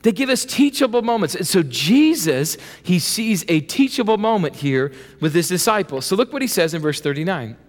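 A man preaching a sermon with playful asides, acting out voices and lively emphasis. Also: high-pitched, normal speed, hardly any pauses. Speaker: pastor. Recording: long reverb of a large hall.

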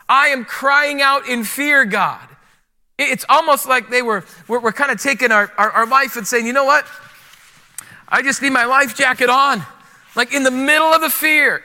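A high-pitched man delivers an energetic, playful sermon full of casual slang. His voice is sharp and bright, and it rings out with a long reverb off the walls of a large hall. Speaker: pastor.

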